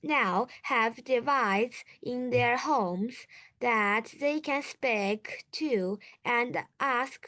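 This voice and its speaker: Very slow woman reading aloud. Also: high voice, a bit bright. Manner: halting, restarts hard words. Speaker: English learner.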